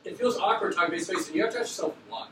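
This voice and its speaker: A male teacher rattles off instructions at a brisk clip, with a slightly high voice for a man. He sounds distant from the mic, and the classroom echoes around him with steady background noise. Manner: quick, loose, joking with students. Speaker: middle school teacher.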